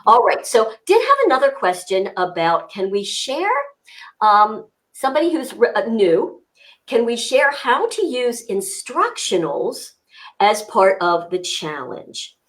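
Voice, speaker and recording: A woman's voice: fairly high pitch, sing-song, measured pace, a bit bright. A woman co-hosting a casual fitness livestream, upbeat and greeting viewers by name.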